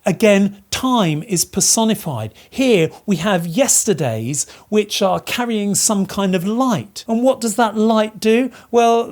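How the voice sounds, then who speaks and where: A woman's voice: mid-range voice, a little mellow. A woman teaching literature in an educational video. She explains the text and asks rhetorical questions to stress her points.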